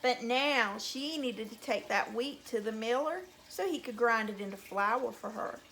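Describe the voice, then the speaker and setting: A woman telling a folk tale to young children at story time, in a slow, sing-song, animated way. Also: a little high, a little hiss or hum. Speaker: teacher reading to children.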